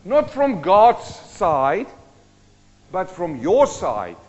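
High-voiced preacher in an echoing hall. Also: male voice, huge pitch swings, drawn-out words. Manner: preaching with rhetorical questions to the congregation. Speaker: pastor. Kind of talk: sermon. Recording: dull sound with long hall reverb.

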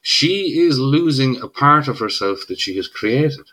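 A middle-aged Irish man speaks as a guest in a casual podcast conversation, his mid-range voice bright, forceful, and animated, though a little slow. He argues his point emphatically and keeps checking in with "right?".

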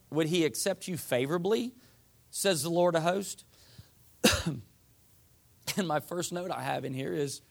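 A man preaching a sermon in a folksy, conversational way, reading scripture and acting out what people say. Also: fairly high pitch. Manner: folksy, uses voiced asides for the people.

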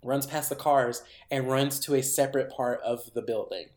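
A man's voice: medium pitch, normal speed. Podcast co-host, male, chatty and rambling, echoey room sound. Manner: animated rambling retelling full of "like"s. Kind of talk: casual chat. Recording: roomy echo.

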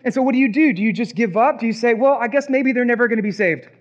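A man preaching a sermon as pastor, animated and acting out imagined reactions. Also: extremely high pitch, quick pace, highs cut off.

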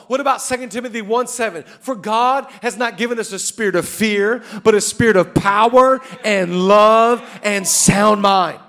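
A man's voice: very high-pitched, fairly bright tone. A man in his thirties preaching a fervent sermon as pastor, repeating rallying lines.

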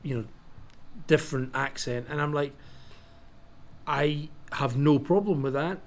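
A man's voice: on the high side, a little slow. Hesitant man thinking aloud on a podcast. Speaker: podcast co-host. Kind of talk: casual chat.

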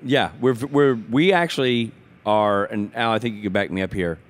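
A man co-hosting a casual podcast chat, a father telling jokey, animated stories about his kids. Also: lowish voice, moderate pace. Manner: joking storyteller, animated asides. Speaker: guest co-host.

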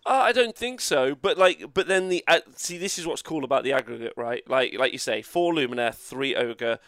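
A man's voice: mid-range voice, lively intonation, moderate pace, fairly bright tone, dry recording. Chatty male co-host, dry sound. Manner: chatty, filler-heavy, reads chat comments aloud. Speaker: podcast co-host. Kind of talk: casual chat.

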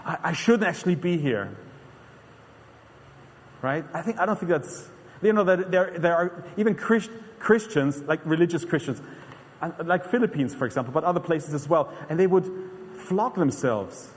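A man's voice: on the high side, normal speed. A man preaching a sermon in an earnest, conversational way, often restarting his sentences. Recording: long hall reverb.

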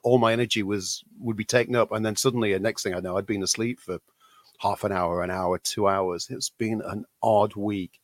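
A British man, a podcast co-host, chatting casually with a gravelly voice while recovering from illness, often repeating words. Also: lowish voice, fairly even intonation, a little fast, no room sound, studio quality. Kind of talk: casual chat.

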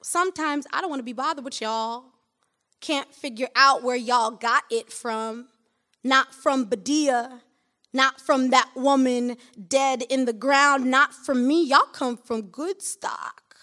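A woman's voice: sits high, slow, voice pushed up, heavily acted. A woman performing, in a spoken-word poem, the voice of a stern, weary working father who bluntly scolds his children. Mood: scolding. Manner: blunt, scolding, listing chores in a flat cadence.

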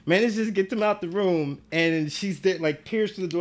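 A man's voice: high voice, normal speed. A man telling a story in a casual podcast chat, acting out the people in it and laughing often. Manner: animated, acts out the people in his stories, laughs often.

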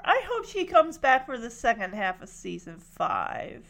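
A woman chatters through a sitcom recap in a casual, gushing way. Her voice sits high and swoops widely as she giggles and plays out each character's lines. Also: wildly swooping pitch, unhurried, vocal fry, fairly bright tone. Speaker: TV episode recapper.

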